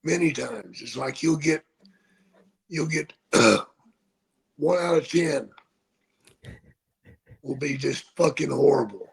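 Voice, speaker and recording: An older man, a retired wrestler, telling profane stories in a casual podcast chat. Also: fairly high pitch. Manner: slow, gravelly, profane storytelling.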